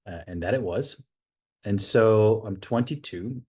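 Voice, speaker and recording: Interview guest: deep-voiced American man in his forties, lively storyteller who acts out the voices in his anecdotes. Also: unhurried, slightly rough. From United States. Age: 40s. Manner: animated storyteller, acts out dialogue, laughs at himself. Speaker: guest, retired army officer and coach.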